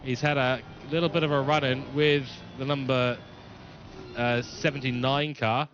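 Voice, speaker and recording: A New Zealand man, his accent a blend of English and New Zealand, delivers live sim-racing commentary and reads viewer chat aloud. His medium-pitched voice is level, fairly bright and a little slow. The recording is muffled, with slight background noise.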